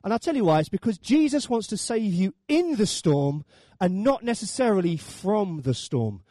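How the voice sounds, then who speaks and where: A man's voice: high voice, sing-song, moderate pace, dark tone, no room sound, studio quality. A man preaching a sermon, telling the story with animation and acting out the voices.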